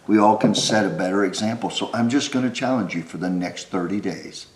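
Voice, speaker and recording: Middle aged pastor guy, lowish voice, jokey then earnest, echoey church room. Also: fairly quick. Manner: wisecracking, then earnest exhortation. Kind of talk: sermon with joking asides. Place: church stage.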